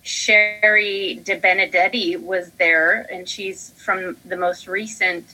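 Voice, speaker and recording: Young woman podcast co-host, bright tone, unhurried delivery, animated storyteller. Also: on the low side, slight background noise, low-quality recording. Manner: animated storyteller, acts out her own panicked quotes. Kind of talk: casual chat.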